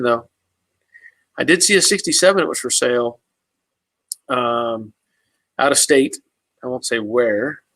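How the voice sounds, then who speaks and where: A man's voice: medium pitch, pushed and bright, dry recording, low-quality recording. A man hosting a casual live stream, answering viewers' comments in an easygoing, rambling way with many fillers and restarts.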